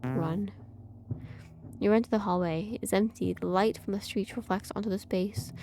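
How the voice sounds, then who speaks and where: A woman narrating a horror visual novel in a measured, eerie way. Her voice is mellow and warm at a middle pitch, with a faint hum underneath. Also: fairly even intonation. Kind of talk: dramatic game narration.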